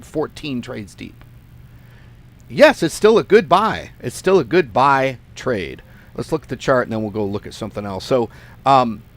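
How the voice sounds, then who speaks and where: A man hosting a forex trading channel, talking casually and bluntly to his viewers, often exasperated and swearing. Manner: lively, swings pitch and volume. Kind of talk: casual market commentary to viewers.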